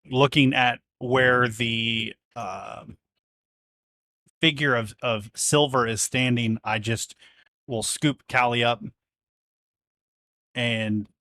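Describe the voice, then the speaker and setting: A man's voice: mid-range voice, steady tone, pushed and bright, dry recording, clean studio sound. Man hesitantly narrating his character. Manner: halting, with many fillers while thinking. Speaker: player.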